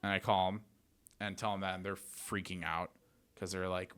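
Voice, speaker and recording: A man talking as a podcast guest, telling lively anecdotes in a casual way and acting out what everyone said. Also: low-pitched, moderate pace, clean tone. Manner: animated, retells scenes with "I'm like". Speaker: podcast guest, real estate wholesaler. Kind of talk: casual storytelling.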